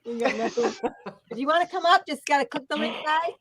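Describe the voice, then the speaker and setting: A woman's voice: high voice, fast talker, fairly bright tone, no room sound. Giggly woman hosting a stream. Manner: giggly, chatty. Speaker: host. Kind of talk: casual livestream chat.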